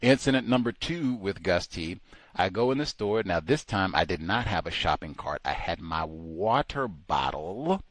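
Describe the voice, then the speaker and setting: A man's voice: low voice, animated, moderate pace, fairly bright tone, dry recording. A man calling in to a talk show, telling a story with animation and acting out other people's voices. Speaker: caller.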